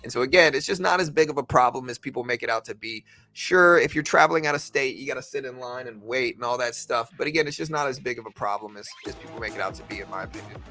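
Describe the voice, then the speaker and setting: A man's voice: mid-range voice, fast talker, hardly any pauses, bright, forceful tone, faint music behind. A man giving rambling, casual live-stream commentary on trading, talking to his viewers with lots of fillers. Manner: rambling, conversational, full of fillers.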